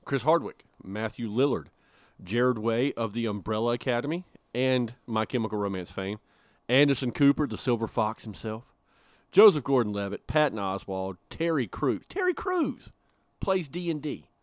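A man's voice: mid-range voice, normal speed, no room sound. A man co-hosting a podcast in casual, joking chat, with frequent filler words. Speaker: podcast co-host.

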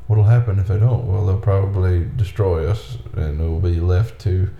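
A man co-hosting a casual movie commentary chat, laid-back and quick to quote characters in asides. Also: low voice, steady tone, gravelly, lo-fi sound. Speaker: podcast co-host. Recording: echoey room with faint background noise.

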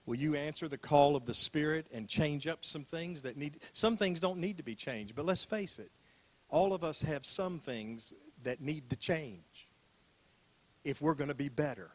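A man's voice: a little high, unhurried, fairly bright tone. Older male pastor, conversational sermon. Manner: conversational, repeats phrases, asks rhetorical questions.

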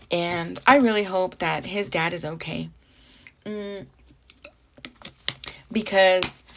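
A woman's voice: on the low side, creaky. A young adult woman from the Southern California desert, hosting a casual solo podcast in a candid, chatty way that mixes in Spanish and swearing. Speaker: podcast host.

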